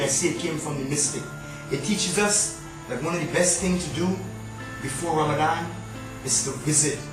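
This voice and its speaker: A man's voice: a little high, very echoey, far from the mic, rough recording. A man giving a devotional sermon, earnest and dramatic, speaking directly to the listener. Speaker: preacher. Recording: music playing under the voice. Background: music.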